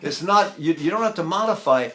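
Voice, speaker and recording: An older man teaching vocal technique, talking through ideas and breaking into loud sung vowels and syllables to demonstrate. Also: on the high side, animated, brisk. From United States.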